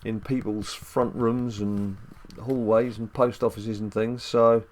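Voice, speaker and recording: A man's voice: fairly low pitch, little pitch movement, takes it slowly, a little mellow. A man hosting a casual mobile game let's-play at home, chatty and rambling with jokes and filler ums. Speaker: dad gaming channel host.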